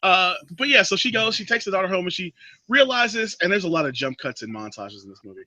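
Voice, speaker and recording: A man hosting a casual chat, recapping a film plot as an animated storyteller. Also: quick pace, no room sound, muffled recording. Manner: animated storyteller, drops into a creepy low voice for quotes. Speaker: podcast host recapping a movie.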